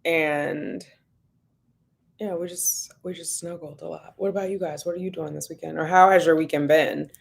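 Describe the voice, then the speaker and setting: A woman's voice: low voice, steady tone, normal speed, creaky, slightly rough. A woman casually chatting at home on a livestream, laughing often and greeting viewers by name. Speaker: vlogger hosting a livestream.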